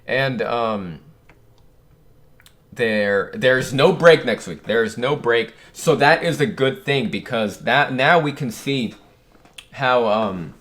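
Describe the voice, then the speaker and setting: Young male reaction host, reads under his breath, then blurts out excited reactions. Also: medium pitch, slow pace. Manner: muttered reading breaking into loud surprised exclamations. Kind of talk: reading aloud and reacting.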